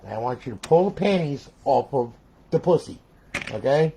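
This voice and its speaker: A man giving a casual gameplay tutorial, rambling and swearing, who breaks into loud trash talk at other players. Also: mid-range voice, animated, moderate pace, a little hiss or hum. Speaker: console modder demoing a modded console.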